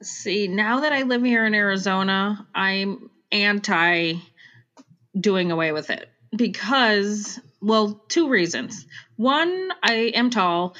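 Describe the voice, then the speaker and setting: A woman's voice: mid-range voice, takes it slowly, bright, forceful tone. A middle-aged woman with a Chicago accent, chatting casually about home design with frequent restarts. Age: Generation X. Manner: chatty, self-interrupting, laughs easily. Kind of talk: casual chat. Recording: dull lo-fi recording.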